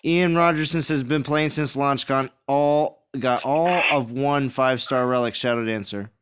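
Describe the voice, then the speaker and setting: A man's voice: medium pitch, a little slow, a bit bright, smooth. A man hosting a casual gaming livestream, reading chat aloud and laughing often with his friends. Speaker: stream host.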